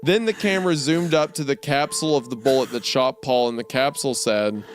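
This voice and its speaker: With faint music in the background, a young man co-hosting a comedy podcast reads out a creepy tale a little fast in a mid-range voice. Giggles keep interrupting his sentences, and he laughs a lot.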